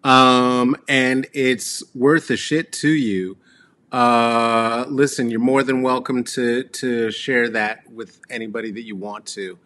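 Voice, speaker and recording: A man's voice: mid-range voice, fairly even intonation, slow, fairly bright tone. A middle-aged man hosting a rambling solo comedy monologue, crude and sarcastic, full of fillers and trailing asides. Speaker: comedy show host. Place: Colorado.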